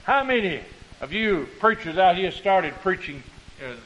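A male preacher with a rural American country accent, preaching a sermon to a conference and rising to fervent shouts while slowing down on scripture. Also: high-pitched, sing-song, low-quality recording.

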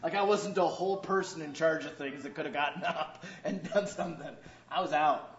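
A pastor with a high voice delivers a sermon full of humor, slipping into quoted voices to act out small scenes. The sound is roomy and a little dull and lo-fi, as if captured in a church hall. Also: male voice, a little fast.

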